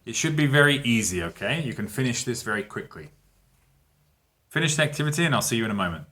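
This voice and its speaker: A man, teaching a grammar lesson in a relaxed, patient way and often checking in with his students. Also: medium pitch, fast, noisy background. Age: 30s. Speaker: English teacher. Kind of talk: casual online grammar lesson.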